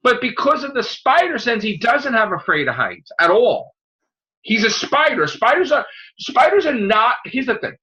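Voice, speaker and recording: A man hosting a casual podcast, ranting excitedly and swearing a lot. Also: very high-pitched, moderate pace, muffled recording. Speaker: show host.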